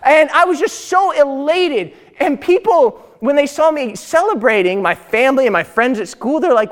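A young man with a high-pitched voice teaches by telling a story, animated and chatty, often turning to his listeners for agreement. His words ring out with a long tail of reverb, as in a big hall. He talks like someone at ease in front of a class. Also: normal speed, hardly any pauses. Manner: animated, conversational, often tags "right?". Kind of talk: storytelling lecture.

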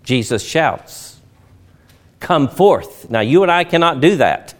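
A male pastor preaching a sermon, earnest, building to loud emphatic swells and slowing for solemn pauses. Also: on the high side, expressive.

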